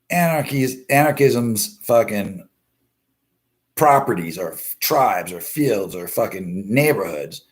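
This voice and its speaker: A man hosting a casual live stream, commenting on the news in a blunt, constantly swearing rant. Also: medium pitch. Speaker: live show host.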